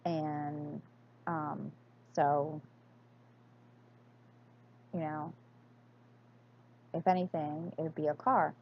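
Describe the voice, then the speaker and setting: Woman vlogger, slow and hesitant delivery, muffled home recording. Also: deep voice, level tone, slightly rough. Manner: hesitant, many fillers and restarts. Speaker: crafting vlogger. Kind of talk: casual accent-tag chat.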